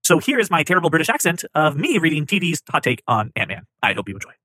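A man's voice: a little high, sing-song, fast, sharp tone, no room sound, clean studio sound. A man hosting a podcast, chatting playfully and rambling, often restarting his sentences. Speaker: podcast host. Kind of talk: casual chat.

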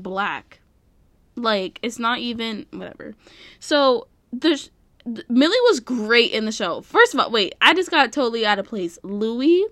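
A woman's voice: on the high side, fairly bright tone, dry recording. A young adult woman giving a casual review vlog, rambling, easily distracted and often stopping to correct herself.

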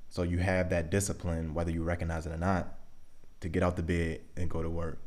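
Low-voiced young man with a Baltimore accent. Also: a little fast. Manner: relaxed, conversational, thinks aloud with frequent "like" and "um". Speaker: podcast host. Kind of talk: casual solo podcast monologue.

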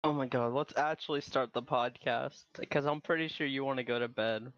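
A man's voice: mid-range voice, fairly even intonation, fairly quick, a bit bright, no room sound, dull audio. A young man co-hosting a podcast, exasperated and trying to keep things on track. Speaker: podcast co-host. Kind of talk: casual chat.

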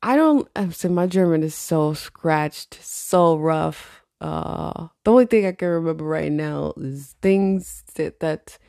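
Gravelly, laid-back woman podcaster. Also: low voice, slow pace, hardly any pauses, warm tone, dry recording, studio quality. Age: 20s. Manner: loose, profane, laughs often. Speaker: podcast host. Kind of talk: casual solo podcast chat.

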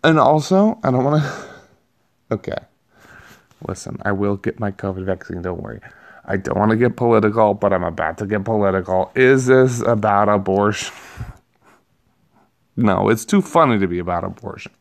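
A man's voice: on the low side, normal speed, pauses often. A man giving a rambling, profane, self-amused movie review in a casual vlog. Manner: rambling, profane, laughs at himself.

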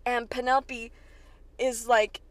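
A young woman from Kentucky hosting a podcast, recapping a TV episode in an excitable, chatty way with plenty of swearing. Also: fairly high pitch, slow pace, no echo. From Kentucky, USA. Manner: chatty, profane, excitable retelling. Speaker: podcast host.

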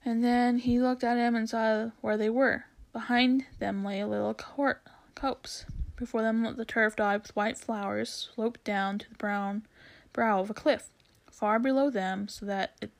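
A woman reading a children's novel aloud at a steady pace, now and then stumbling and restarting a word. Her voice sits a little on the high side. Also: moderate pace, vocal fry, low-quality recording. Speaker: reader.

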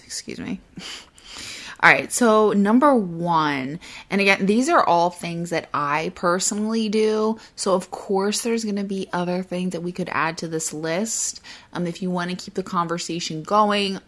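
A woman hosting her own podcast in casual solo talk, a fast, excitable talker who tries to slow herself down. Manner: mimics flustered apologies in a high voice. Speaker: podcast host.

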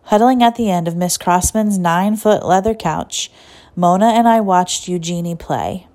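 A woman narrating a story in a steady, even reading voice. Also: lowish voice, normal speed. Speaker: audiobook narrator.

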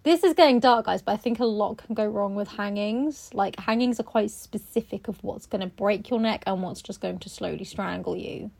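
A woman's voice: mid-range voice, moderate pace, gravelly, hardly any pauses, darkish tone. A woman co-hosting a podcast, chatting casually, swearing and laughing often. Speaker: podcast co-host. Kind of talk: casual chat.

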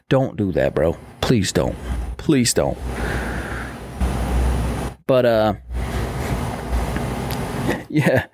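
A young man hosting his own podcast, ranting in a loose, profane, rambling way and acting out the people in his stories. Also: lowish voice. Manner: profane, rambling, animated storytelling with quoted voices. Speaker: podcast host. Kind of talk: casual solo podcast rant.

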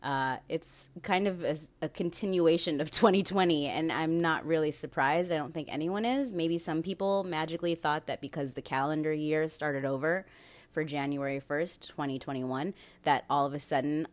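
A woman's voice: low voice, normal speed. A young woman hosting her own podcast, talking alone in a candid, profane way and laughing often. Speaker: podcast host. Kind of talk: casual solo podcast monologue.

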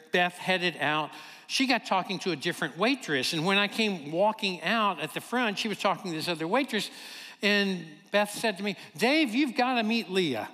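A high-voiced man from Kentucky preaches in a church hall, his words trailing off in a long reverb. He tells a personal story with animated energy and acts out the voices of the people in it.

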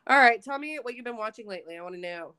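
A woman's voice: on the high side, animated, very fast, pushed and bright, clear, resonant tone. A young woman co-hosting a podcast while fighting a cold, chatting bluntly with lots of swearing and playful mock rants. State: has a cold, coughing. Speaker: podcast co-host. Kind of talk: casual chat.

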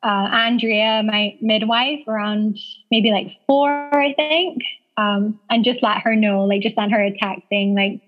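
Speaking a bit slowly in a medium-pitched voice, a woman in her thirties shares a personal story as a guest in an interview. She's chatty, says "like" constantly and laughs a lot. Faint music sits behind her on a dull, lo-fi recording.

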